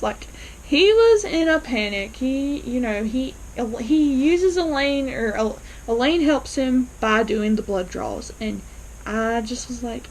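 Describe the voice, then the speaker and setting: A woman talks through a TV episode in a relaxed, chatty way, slipping into the characters' lines as she goes. Her voice sits a bit high. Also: slow pace, a little hiss or hum, low-quality recording. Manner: animated, acts out characters' lines in quotes. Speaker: TV episode reviewer. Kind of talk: casual recap and reaction.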